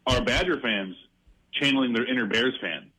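A man's voice: medium pitch, moderate pace, sharp tone, husky, low-quality recording. A man co-hosting sports talk radio, casual and brash, riffing with jokes.

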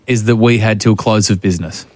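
A man's voice: fairly low pitch, brisk, a little mellow, no room sound. Playful radio co-host, man. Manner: playful, stammers at the start of lines, repeats questions. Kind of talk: casual radio banter.

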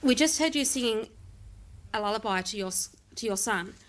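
A woman's voice: fairly high pitch, animated, normal speed. Woman interviewer asking brief questions.

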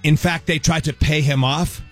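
A man hosting a talk show, chatting in a playful, animated way in a TV studio. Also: on the high side, moderate pace, faint music behind. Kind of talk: casual studio chat.

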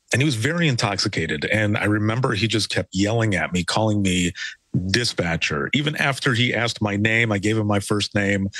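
A man from Michigan with a lower voice recounts a memorable call from his years as a dispatcher. He tells it in a relaxed, anecdotal way, and his voice sounds dry and close. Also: no room sound. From Michigan, United States. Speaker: former emergency dispatcher. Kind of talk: storytelling interview.

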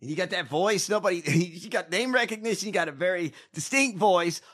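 A man's voice: high voice, fairly quick. A man co-hosting a podcast, mocking and profane in casual political banter. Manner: profane, mocking, animated ranting. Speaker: podcast co-host.

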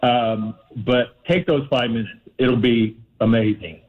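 A man's voice: mid-range voice, steady tone, unhurried. Male radio caller, earnest advice giver, muffled phone sound. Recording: dull phone line.

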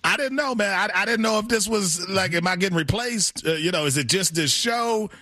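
A man co-hosting a sports talk show, animated and self-mocking. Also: high voice, fairly quick, no room sound, clean studio sound.

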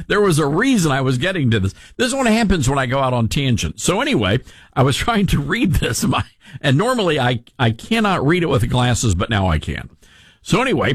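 Podcast guy rambling thru a story, voice jumps all over, kinda husky, dry room. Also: fairly high pitch, dry recording. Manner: rambling, self-deprecating, repeats himself. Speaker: podcast host. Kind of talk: casual storytelling chat.

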